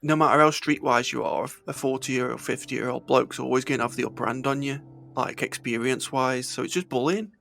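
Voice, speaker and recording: Gravelly man hosting a frank chat. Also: mid-range voice, fairly quick, a bit bright, a little hiss or hum. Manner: frank, matter-of-fact, sweary. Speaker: podcast host. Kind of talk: casual podcast chat.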